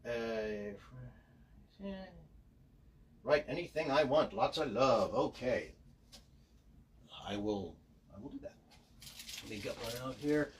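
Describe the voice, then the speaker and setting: Man, chatty livestream signer, lively up-and-down delivery, self-mocking asides. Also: mid-range voice, slow pace, pauses often, slight background noise. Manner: chatty and self-deprecating, narrating what he does. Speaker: voice actor signing autographs on a livestream. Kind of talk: casual livestream chat.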